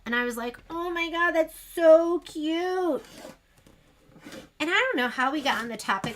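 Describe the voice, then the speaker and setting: The host of a sewing shop livestream talks casually and wanders off topic while demonstrating, with a chatty, self-deprecating manner. Her voice is fairly high in pitch, pushed and bright.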